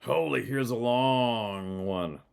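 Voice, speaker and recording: A male podcast host reading listener emails aloud, with relaxed, chatty asides between them. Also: mid-range voice, slow pace, gravelly, smooth.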